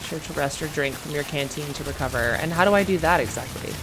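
A woman's voice: low voice, quick pace. A young woman giving casual commentary while playing a video game, reading game text aloud and chatting to herself. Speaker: gaming streamer. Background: game music.

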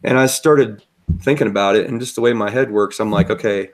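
A man's voice: on the low side, a little fast. A man with a bad cold co-hosting a casual podcast, explaining his reasoning in a rambling way. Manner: rambling, repeats words as he explains. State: has a cold. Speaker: podcast co-host. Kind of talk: casual chat.

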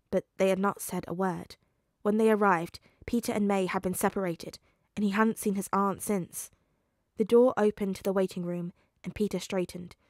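A woman's voice: mid-range voice, no echo, clean studio sound. Woman narrating a fan story. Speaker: podfic reader. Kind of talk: fan fiction audiobook narration.

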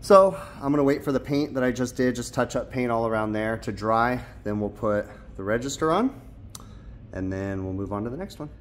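A man hosting a casual DIY vlog, explaining his HVAC work step by step in a relaxed way with plenty of ums and uhs. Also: medium pitch, a little fast, slight background noise. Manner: relaxed, explanatory, many fillers like um and uh. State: out of breath. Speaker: HVAC technician and channel host.

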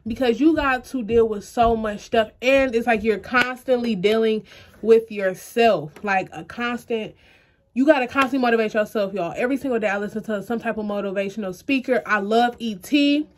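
A woman's voice: fairly high pitch, normal speed, slight background noise. A young woman vlogging to camera, earnest and close to tears, talking straight to her viewers. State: close to tears, eyes puffy. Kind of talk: emotional personal vlog to camera.

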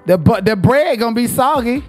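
A sassy, profane man with a high voice and roasts a cooking clip with mocking jokes. Faint music sits underneath his talk. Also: expressive, a little fast, darkish tone. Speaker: commentary host reacting to a cooking video. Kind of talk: crude comedic roast commentary.

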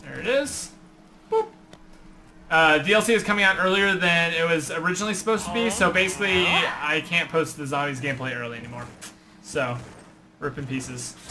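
A young man giving excitable live commentary on gameplay and chatting with viewers. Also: fairly high pitch, slight background noise. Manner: excitable, chatty, reads viewer messages aloud. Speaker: gaming streamer.

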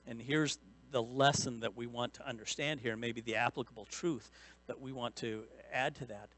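A man's voice: medium pitch, moderate pace. A man preaching a sermon as pastor, bursting into emphasis and repeating key phrases. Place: church sanctuary.

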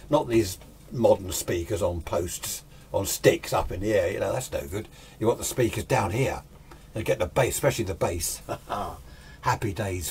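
Older guy, lowish voice, rambling on about the old days, chuckles here and there, faint noise behind. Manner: rambling, nostalgic, chuckling asides. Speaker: hobbyist video host. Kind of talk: casual chat.

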